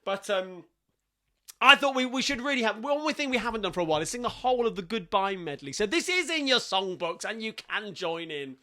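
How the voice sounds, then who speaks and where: A man hosting a live-streamed sing-along, chatting cheerfully and quickly between songs. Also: sits high, animated. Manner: chatty, cheerful, rapid asides. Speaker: sing-along host and pianist. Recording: live stream over loud piano. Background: piano music.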